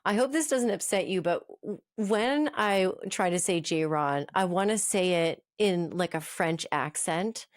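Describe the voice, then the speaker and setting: A woman in her thirties hosts a podcast with a friendly, chatty manner and a self-deprecating streak. Her voice sits somewhat low. The recording is close and dry, with no room sound. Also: a little slow, no room sound. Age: 30s. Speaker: podcast host. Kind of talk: podcast hosting.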